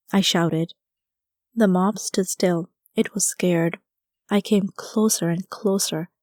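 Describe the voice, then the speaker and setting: A woman's voice: mid-range voice, mellow, no echo, studio quality. A woman narrating a cozy first-person audiobook in a conversational storytelling manner, acting out the dialogue.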